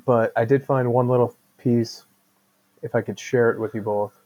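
A man's voice: mid-range voice, steady tone, moderate pace, a little mellow, highs cut off. A man chatting on a podcast as a guest, rambling and hedging with lots of "like". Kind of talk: casual podcast chat.

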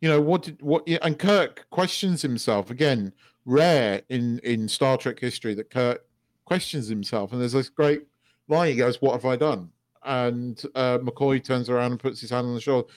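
A man's voice: mid-range voice, moderate pace, no echo, studio quality. A man co-hosting a podcast, chatting casually about films, swearing freely and acting out quoted lines. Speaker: podcast co-host. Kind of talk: casual film discussion.

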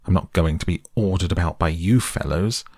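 A man voicing a boastful, excitable male toad in a storybook reading, bragging loudly. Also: low-pitched, no room sound, clean studio sound. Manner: bragging, loud and quick.

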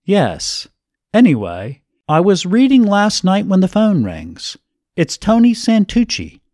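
Man doing a brisk older woman, gossipy and bossy, pitched high above his own voice, very lively rise and fall, dry close sound, storybook reading. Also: dry recording. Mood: chatty. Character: chatty older woman welcoming a newcomer.

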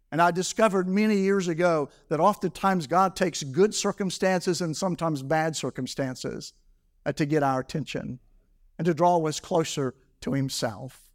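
A man preaching a sermon at a church service, repeating his key words for emphasis and reading scripture slowly. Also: a little high. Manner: reads scripture slowly in old English. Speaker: pastor.

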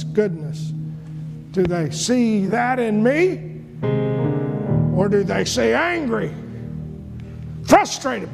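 A man preaching a sermon with passion, often rising into shouted bursts. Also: very high voice, in a large hall.

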